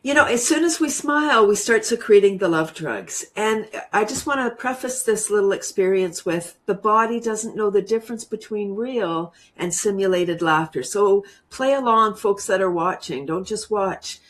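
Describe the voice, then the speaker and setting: Warm-up coach type: bubbly woman leading laughter and tapping exercises, giggling often. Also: medium pitch, normal speed, hardly any pauses. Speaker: laughter yoga teacher, guest. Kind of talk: guided laughter exercise demo.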